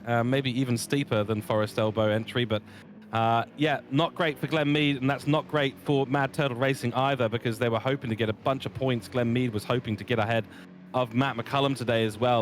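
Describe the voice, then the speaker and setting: A man's voice: mid-range voice, a little hiss or hum. A man commentating on a sim race, easygoing and analytical, drawing on his own driving experience.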